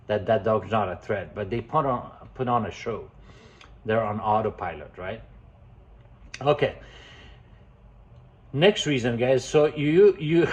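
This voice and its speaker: A man giving casual dog-training advice, emphatic and constantly calling the viewers "guys". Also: mid-range voice. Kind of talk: casual instructional talk. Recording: dull lo-fi sound.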